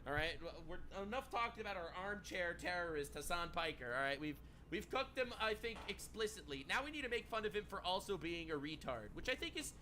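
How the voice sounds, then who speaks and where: A man's voice: high voice, animated, fairly quick, sharp tone, slight background noise. A man hosting a stream, giving mocking, sarcastic reaction commentary. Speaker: stream host.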